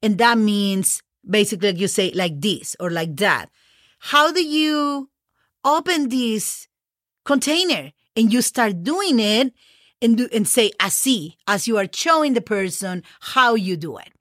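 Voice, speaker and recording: A woman's voice: medium pitch, animated, unhurried, a bit bright, no room sound, clean studio sound. Patient woman teaching. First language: Spanish. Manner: patient, spells words letter by letter, checks in with "okay?". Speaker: Spanish teacher, podcast host. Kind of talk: casual podcast language lesson.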